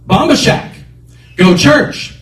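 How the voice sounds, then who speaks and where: A man's voice: extremely high pitch, expressive, slow pace, roomy sound, recorded from a distance, voice pushed up, full character voice. A preacher acting out a young island man who argues with himself about going to church. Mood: torn.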